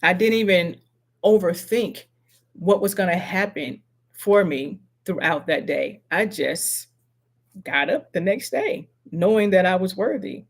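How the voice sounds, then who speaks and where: A middle-aged woman hosting a motivational live stream, speaking slowly and earnestly and repeating her affirmations to viewers. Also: on the low side, lively intonation.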